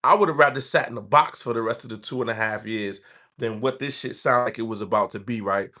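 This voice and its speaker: A man's voice: mid-range voice, fast talker, bright, forceful tone. A man, telling his own story in loose street slang. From New York. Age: 40s. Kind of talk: casual storytelling.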